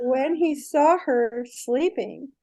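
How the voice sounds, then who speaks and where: An older woman telling a myth with lively, animated storytelling, often pausing to check in with her listener. Her voice sits high but stays mellow and warm rather than bright. She talks the way a guest does on a relaxed podcast interview. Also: creaky.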